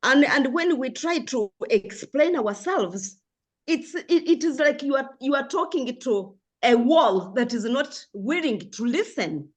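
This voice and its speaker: A woman's voice: high-pitched, animated, measured pace, slightly rough. An older woman from Africa, speaking as a panelist in a discussion, passionate and earnest, with frequent restarts.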